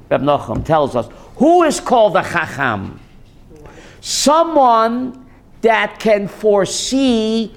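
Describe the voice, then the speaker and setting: A man, a rabbi, giving a joking Torah class to a live audience and putting questions to them. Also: high-pitched.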